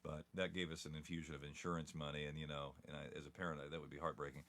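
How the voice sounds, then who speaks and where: Deep gravelly man, relaxed rambling talk. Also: very fast. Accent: faint Appalachian. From Southern Ohio, Appalachia. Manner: relaxed, rambling storyteller with chuckles. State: a bit congested. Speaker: guest, TV announcer. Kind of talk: casual interview chat.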